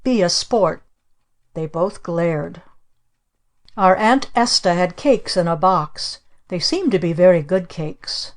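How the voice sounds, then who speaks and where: A woman narrating an audiobook of children's stories in an even, dry storytelling manner. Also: on the low side, takes it slowly. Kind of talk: scripted narration.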